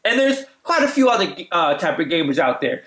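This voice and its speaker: A young man vlogger telling a casual storytime anecdote in an animated, slangy way, often laughing. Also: on the high side, a little fast, echoey room.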